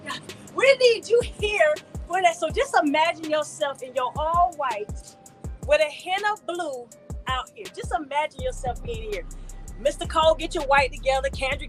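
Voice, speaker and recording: A woman leading a live walking tour through indoor hotel hallways, talking into a phone she holds as she walks. She is energetic and hyped, and she repeats words for emphasis. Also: high voice. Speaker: event organizer giving a tour. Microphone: phone held while walking. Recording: tinny phone-mic audio with faint music.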